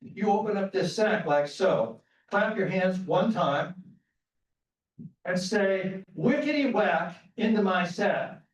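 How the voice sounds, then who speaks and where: Guy doing an old beggar man, high and pleading, echoey theater, distant. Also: animated, slow. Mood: earnest. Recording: roomy theater sound from far off.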